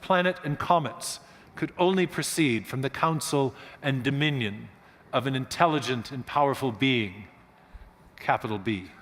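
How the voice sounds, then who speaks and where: A man giving a lecture-style storytelling talk as a guest speaker, animated and clearing his throat now and then. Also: on the high side. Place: church auditorium. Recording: long church-hall reverb.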